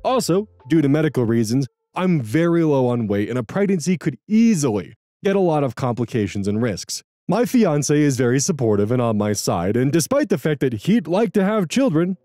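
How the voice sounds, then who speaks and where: A man reading online stories aloud in an animated, expressive way, adding wry comments of his own. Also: medium pitch, normal speed, hardly any pauses, no echo, clean studio sound. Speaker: story narrator and commentator.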